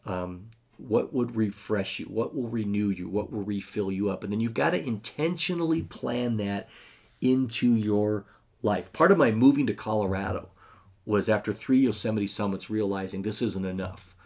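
Low-ish guy rambling on his podcast, lots of ums, gets excited easy. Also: normal speed. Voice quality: rambling with frequent fillers. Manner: chatty, enthusiastic, self-deprecating. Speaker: podcast host. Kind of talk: casual podcast monologue.

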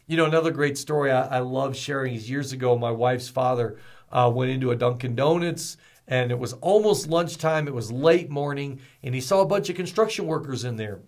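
A man hosting a ministry podcast, talking in an energetic, storytelling way with folksy asides. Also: medium pitch, a little fast. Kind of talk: motivational podcast talk.

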